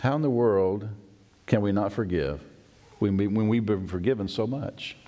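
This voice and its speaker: Preaching man in a reverberant church. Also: normal speed. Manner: expressive, acts out quoted voices with rising pitch. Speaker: pastor. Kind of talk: sermon. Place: church sanctuary. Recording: long church hall reverb.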